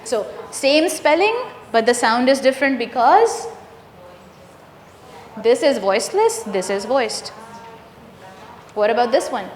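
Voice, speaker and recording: A woman's voice: a little high, very animated, measured pace, pauses often. A woman leading an interactive teacher training workshop, asking the room questions and confirming their answers. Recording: echoey room with long reverb.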